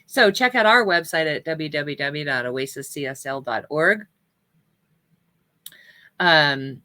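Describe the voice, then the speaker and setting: Woman minister, low pitch and bright, forceful tone, chatty and loose, recorded dry and close. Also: no echo. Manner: chatty, rambling, laughs easily. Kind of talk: casual church announcements.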